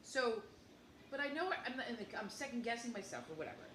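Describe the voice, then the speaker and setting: A woman's voice: on the high side, very animated, a little fast, a bit bright. A woman in her fifties chatting casually as a co-host, rambling through stories and acting out both sides of each conversation. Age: 50s. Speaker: podcast co-host. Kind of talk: casual chat. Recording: echoey room with faint noise.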